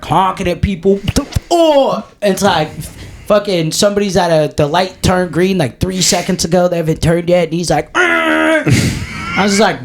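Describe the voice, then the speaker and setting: Podcast co-host, man, profane storyteller, slightly higher voice. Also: a little hiss or hum. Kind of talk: casual chat.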